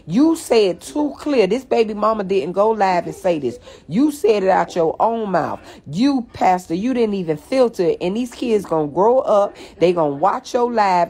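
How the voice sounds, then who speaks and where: A woman's voice: medium pitch, dark tone. Blunt, profane woman ranting on a live. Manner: profane, blunt and mocking, addressing viewers as y'all. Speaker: live-stream host. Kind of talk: ranting commentary to viewers.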